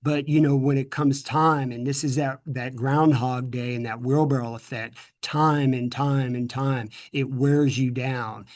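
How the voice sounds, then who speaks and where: A man's voice: medium pitch, fairly even intonation, unhurried, few pauses, darkish tone. A middle-aged man from the United States, answering interview questions earnestly, often repeating words and restarting sentences. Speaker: guest speaker.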